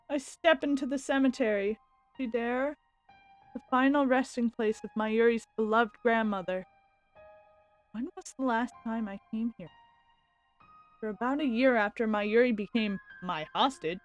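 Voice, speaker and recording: A woman streamer reads a visual novel aloud and breaks into excited reactions. Her voice is high and expressive. Faint background music sits under her. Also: dull audio. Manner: expressive, quick to exclaim.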